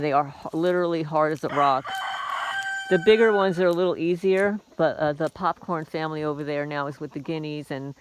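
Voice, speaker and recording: A deep-voiced woman vlogs casually while walking her small homestead near a chicken coop, rambling and aggrieved, tossing in wry asides. Crowing roosters and clucking hens fill the background with noise.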